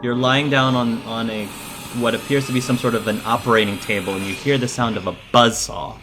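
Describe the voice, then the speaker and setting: A man narrating a horror scene as game master, slow and hesitant, with frequent fillers. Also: medium pitch, fairly even intonation, over music.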